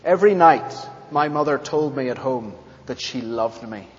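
A man preaching a sermon and leading a closing prayer in a church, with an earnest, measured delivery and deliberate pauses. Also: medium pitch, animated, slight background noise. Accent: not English. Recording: dull lo-fi church recording with long reverb.

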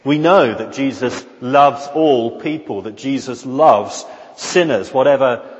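A man's voice: mid-range voice, slow pace, hardly any pauses. Earnest man preaching a sermon. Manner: earnest, emphatic repetition and frequent restarts. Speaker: pastor. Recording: dull lo-fi sound with long hall reverb.

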